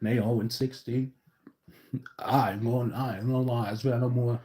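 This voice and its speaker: A man giving a casual, profane reaction rant as a sports fan vlogger, swinging between loud outbursts and low muttering. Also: steady tone, moderate pace.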